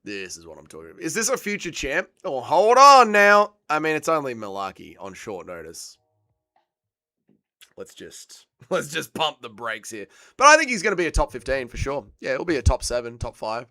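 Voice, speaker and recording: An excitable man hosts a live fight watch-along, bantering with his chat and swearing freely. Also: medium pitch, moderate pace, no echo, studio quality. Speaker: livestream host.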